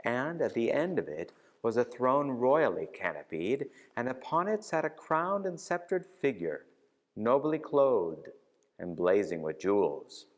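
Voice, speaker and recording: A man leading a novena and reading a novel aloud in a church, in an expressive, unhurried way. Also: medium pitch. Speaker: parish reader leading a novena. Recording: reverberant church hall.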